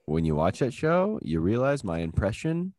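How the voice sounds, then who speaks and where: Low-voiced rambling comedian man. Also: big pitch swings, moderate pace, a little mellow, no echo, clean studio sound. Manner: rambling storyteller, acts out quotes. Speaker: podcast host. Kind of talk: casual comedic chat.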